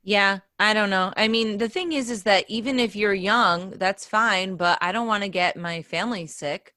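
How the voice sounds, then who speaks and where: A woman's voice: mid-range voice, moderate pace, sharp tone, no room sound, studio quality. A woman co-hosting a podcast, chatting casually with a wry, self-mocking sense of humor. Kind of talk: casual video-call chat.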